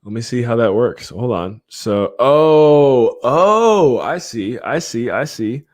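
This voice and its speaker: A man's voice: medium pitch, normal speed. A man hosting a live podcast stream, chatting casually and hyping the giveaways for his viewers. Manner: excitable, hypes the giveaways with countdowns.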